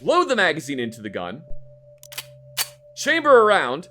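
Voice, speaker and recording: A fairly high-voiced man chats on a live stream, casual and animated. He acts out a story, swears freely and trips over his words. Faint game music plays beneath him. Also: normal speed.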